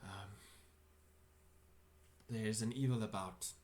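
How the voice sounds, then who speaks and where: A man's voice: on the low side, steady tone, slow. A man voicing a worried, sleepless townsperson with an English accent, hesitant and sighing as he speaks. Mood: troubled. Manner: hesitant, sighing, soft-spoken.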